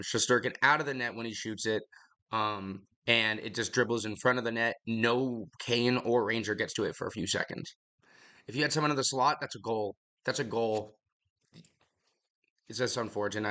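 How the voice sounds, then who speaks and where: A young man, out of breath, talks hockey in a loose, rambling way, blunt and quick to swear. His voice is bright and forward at a middling pitch. He sounds like a casual podcast host chatting to his listeners.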